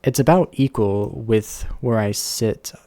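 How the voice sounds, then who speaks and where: A man's voice: fairly low pitch, slow, warm tone, no echo. A man chatting casually on a live stream, rambling and thinking aloud with lots of fillers and self-corrections, close to a desk microphone.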